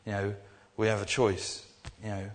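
A man's voice: lowish voice, completely flat delivery, normal speed. A young man giving an informal sermon, talking in a rambling, earnest way with many restarts. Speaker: preacher. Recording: echoey hall.

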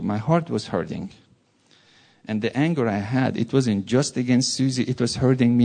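A man preaching a sermon with a low, gravelly voice and a husky edge. His tone is dark and mellow, and he speaks earnestly, repeating words to drive a point home. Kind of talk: sermon with a personal story.

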